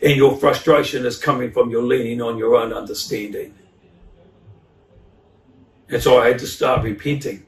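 A male pastor preaching a sermon, fervent, with repeated words and loud climbs. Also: mid-range voice, fairly even intonation, normal speed, long pauses, a little hiss or hum. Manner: fervent, rising to loud exclamations. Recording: echoey hall, mic at a distance.

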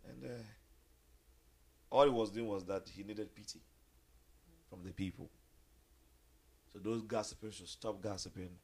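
A man preaching a sermon, animated, swinging between loud high outbursts and low quiet stretches. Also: a little slow, pauses often, husky. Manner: animated, acts out quoted voices with big jumps in pitch.

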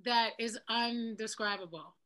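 A woman's voice: a little high, unhurried, pushed and bright. A woman singer and actor, a podcast guest who talks in a bubbly, encouraging way. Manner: bubbly, encouraging, laughs often. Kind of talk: casual chat.

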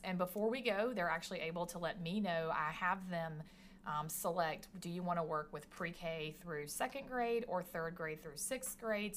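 A woman's voice: on the low side, a little hiss or hum. A woman teacher talking about her career tech classes in a chatty, enthusiastic podcast conversation. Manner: chatty and enthusiastic, many restarts.

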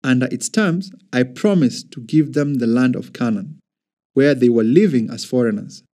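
A man reading the words of God in a steady, solemn, measured way. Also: medium pitch, close to an everyday voice. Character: calm mighty male God speaking.

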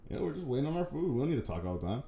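Goofy young man with a mellow, lively voice. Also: mid-range voice, rapid-fire, vocal fry. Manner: goofy, laughs a lot, swears. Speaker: podcast co-host. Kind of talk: casual podcast banter. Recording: echoey room.

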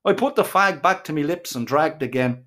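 Middle-aged irish guy spinning a filthy funny yarn, cursing a lot, high bouncy voice. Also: animated, moderate pace, a bit bright. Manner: crude, profane, colourful swearing. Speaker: storyteller. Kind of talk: comic storytelling narration.

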